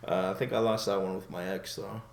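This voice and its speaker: A man's voice: low voice, steady tone, a little fast, gravelly, reverberant, a little hiss or hum. A man hosting a casual podcast who talks in an easygoing, chatty way and laughs often. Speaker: podcast host. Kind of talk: casual chat.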